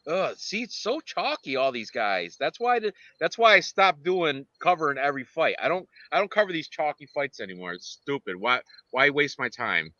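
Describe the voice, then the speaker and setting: A man talks through his fight picks in a loose, excitable ramble, full of restarts and asides. His voice is strikingly bright and sits a little high. The recording is dry and a touch dull. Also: moderate pace, few pauses, dry recording. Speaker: podcast co-host and fight picker. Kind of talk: casual fight-picks chat.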